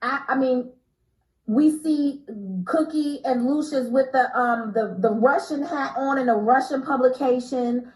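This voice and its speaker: An American woman telling an animated story as an interview guest, emphatic and quick to laugh, her pitch swinging from low to high. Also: echoey room, rough recording. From United States.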